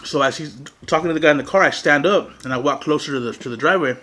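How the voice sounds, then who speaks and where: A young man with a fairly high voice telling a wild story in a relaxed, slangy way, swearing freely as he goes. He talks between bites, loose and animated, the way you would with friends. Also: quick pace. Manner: profane, slangy, animated retelling. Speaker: mukbang host. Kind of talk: casual storytime while eating.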